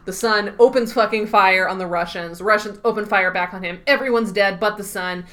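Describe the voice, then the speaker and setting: A woman co-hosting a podcast, recapping a TV episode in casual chat, animated, laughing often and swearing easily. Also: medium pitch, a little fast.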